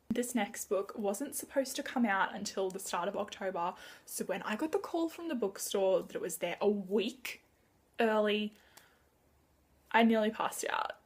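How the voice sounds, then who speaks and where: A woman chatting excitedly through a casual book wrap-up vlog, gushing and chatty. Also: a little high, moderate pace. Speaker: book vlogger.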